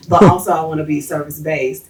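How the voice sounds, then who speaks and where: A woman's voice: low voice, steady tone, a little fast, a little mellow. A woman in the audience asking the speaker a question, hesitant and thinking aloud. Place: audience in an event room. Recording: distant from the mic.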